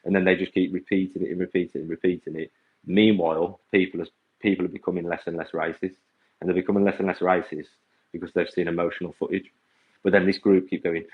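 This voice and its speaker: A man with a deep, low voice vents bluntly to his livestream audience. He sounds exasperated and keeps repeating himself. The sound is tinny and narrow, like a phone line. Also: flat delivery, quick pace. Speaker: vegan coach and activist. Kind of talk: livestream rant to viewers.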